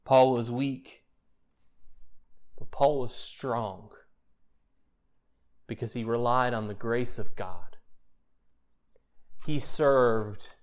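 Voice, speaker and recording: A man preaching a sermon as pastor, building to emphatic peaks and asking repeated questions. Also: mid-range voice.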